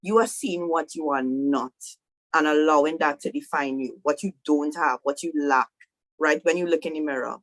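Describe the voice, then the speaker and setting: A woman preaching a casual, animated sermon to women, checking in with "right?" as she goes. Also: low-pitched, normal speed, low-quality recording. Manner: animated, conversational preaching with frequent "right?" to the audience. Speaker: women's ministry speaker.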